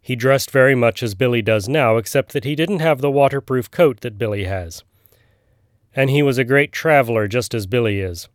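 A man voicing a gruff, knowing old male frog who tells a tale in a storybook reading. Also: mid-range voice, moderate pace, no echo, clean studio sound, lightly acted. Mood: storytelling.

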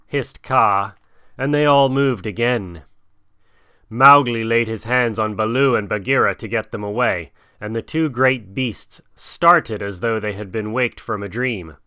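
A man narrating a storybook slowly and dramatically, close to the mic. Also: on the low side, sharp tone, clean tone, no room sound. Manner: slow, measured and dramatic. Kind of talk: storybook reading.

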